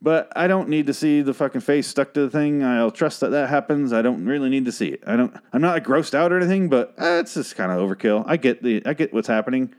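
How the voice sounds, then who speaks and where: A man casually recapping a TV episode in a sarcastic, profane, rambling way, sometimes trailing off into quiet mutters. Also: medium pitch, animated, fast talker, hardly any pauses. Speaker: show recap host.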